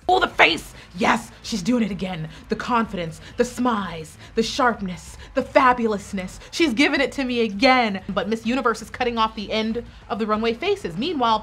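A woman with a fairly high, bright, forceful voice gives live reaction commentary. Her pitch swings widely as she shifts from sassy remarks to excited outbursts, with faint music playing behind her. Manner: animated, exclamatory and sassy, with bursts of excited shouting. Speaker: pageant reaction video host.

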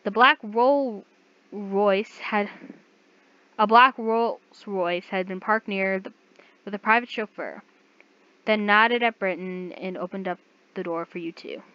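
A woman's voice: medium pitch, slow, pauses often, no echo, dull audio. Woman casually reading fan fiction aloud. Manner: casual, stumbling over words and laughing at the text. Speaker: reader.

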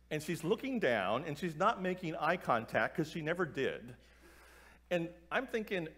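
Middle-aged guy preaching a story, high voice, swoops all over, does all the voices. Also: moderate pace, a faint crowd. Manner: animated, acts out voices in his stories, breaks into tearful laughter. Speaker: keynote speaker. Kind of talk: storytelling talk at a church gathering.

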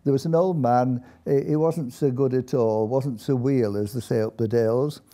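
Older man with a very dark voice. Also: medium pitch, steady tone. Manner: unhurried, halting with many fillers. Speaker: storyteller. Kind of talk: anecdotal storytelling. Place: country inn.

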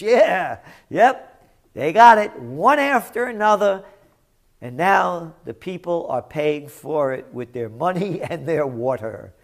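A man giving sarcastic, indignant commentary on news stories, swinging from mocking mutters to outraged shouts. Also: fairly high pitch, lively intonation, slow pace, creaky.

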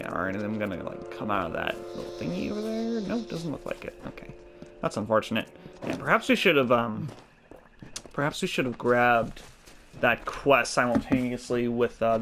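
This gamer's voice is mid-range, gravelly and sing-song, at a moderate pace, with game music and sounds playing behind it. His casual let's play commentary includes occasional swearing and mock-corny jokes that crack him up.

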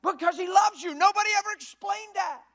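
High-voiced, fiery male preacher. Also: fairly quick. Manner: emphatic and folksy, often rising to a shout. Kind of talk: sermon. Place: church.

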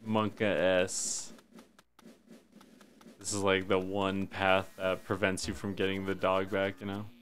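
A man streaming a game live, cursing and talking to himself, swinging between loud high yelps and low muttering. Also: monotone, unhurried. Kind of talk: live gameplay commentary.

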